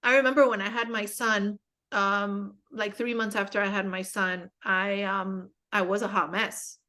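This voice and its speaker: A woman's voice: medium pitch, little pitch movement, measured pace, pushed and bright. A young woman speaking as a guest in a casual spiritual conversation, telling stories candidly with self-mocking humor and many fillers.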